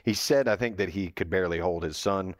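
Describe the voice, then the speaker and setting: A man co-hosts a podcast and drops short, wry comments into the chat. His voice is very low and deep. The recording is dry and close. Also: fast talker, no echo. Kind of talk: casual chat.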